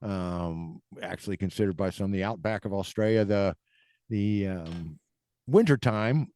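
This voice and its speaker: A man hosting a podcast in a chatty, upbeat way, quick to laugh. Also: sits low, mellow. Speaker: podcast host. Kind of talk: casual podcast chat.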